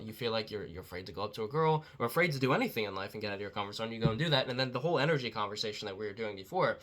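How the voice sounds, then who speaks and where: A man talking as a dating coach in a casual motivational talk, blunt and profane, quoting others in quick asides. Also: mid-range voice, a bit bright.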